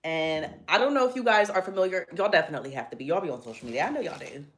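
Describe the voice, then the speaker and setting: Playful woman chatting in her kitchen. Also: fairly low pitch. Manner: playful, animated storytelling with drawn-out quoted voices. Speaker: vlogger cooking at home. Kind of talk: casual chatty cooking vlog.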